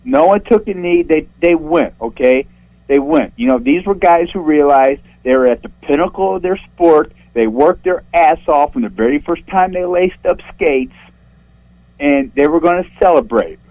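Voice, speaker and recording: A man's voice: animated, normal speed. Profane ranting man on a phone line. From St. Louis, USA. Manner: profane, voice jumps shrill when worked up. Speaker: caller. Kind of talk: angry call-in rant. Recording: dull phone-line call audio.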